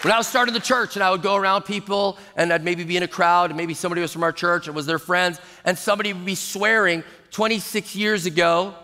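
Animated pastor preaching in a big hall. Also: male voice, high-pitched, fast, hardly any pauses, a faint crowd, a little hiss or hum. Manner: animated, acts out quoted people in shifting voices. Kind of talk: sermon. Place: large church auditorium. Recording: long hall reverb.

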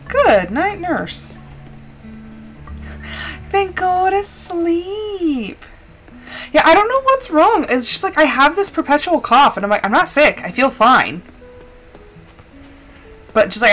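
A woman's voice: fairly high pitch, a bit bright. A woman streamer chatting casually while playing a game, rambling with lots of filler words. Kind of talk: casual gameplay chat.

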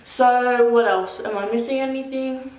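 A woman's voice: on the high side, fairly even intonation, measured pace, noisy background. A young woman casually telling a personal story as a vlogger, rambling with lots of "like". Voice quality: rambling, full of "like". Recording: echoey room.

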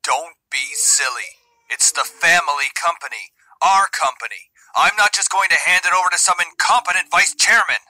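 A man's voice: on the high side, moderate pace, bright, forceful tone, no echo, rough recording. A man voicing a stern, controlling middle-aged father in a visual novel reading, curt and condescending. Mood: scolding.

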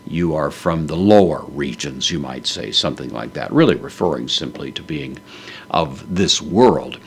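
Very deep-voiced man teaching Greek grammar. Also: animated, slight background noise. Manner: methodical, parses grammar aloud with frequent "uh" pauses. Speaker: Bible teacher. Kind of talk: verse-by-verse Greek Bible lesson.

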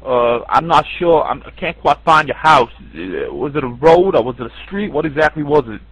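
A man's voice: on the high side, lively intonation, normal speed, fairly bright tone, husky, no echo, low-quality recording. A man making a prank call as a pizza deliverer, insisting that the other person pay. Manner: pushy, insistent.

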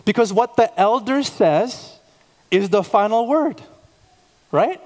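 A male pastor in his thirties delivers a sermon in a church sanctuary. His voice sits a little high, and he tells stories, repeating words and asking pointed questions. The sound rings with the long reverb of a large hall. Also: lively intonation, takes it slowly, darkish tone.

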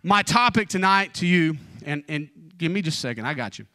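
A man in his forties preaching an evening church sermon, telling personal stories informally with joking asides, and dropping low and fervent in prayer. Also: animated, brisk, pushed and bright, no room sound, studio quality. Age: 40s.

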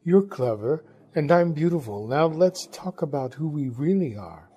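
A man's voice: fairly high pitch, lively intonation, normal speed, mellow, slightly rough, lo-fi sound. A man reading as a brash, teasing young woman. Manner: blunt, teasing, a little tipsy.

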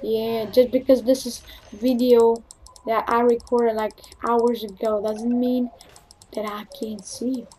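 A woman commentating her own video game match, excitable and profane, trash-talking and bursting into shrieks. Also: a little high, unhurried, slight background noise. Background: faint keyboard and mouse clicking.

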